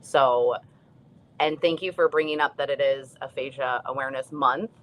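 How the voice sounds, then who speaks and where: A woman's voice: extremely low pitch, steady tone, moderate pace, slight background noise. A young woman co-hosting a casual talk show, speaking in an earnest, reflective way. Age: young adult. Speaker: co-host, stroke survivor. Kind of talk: casual chat.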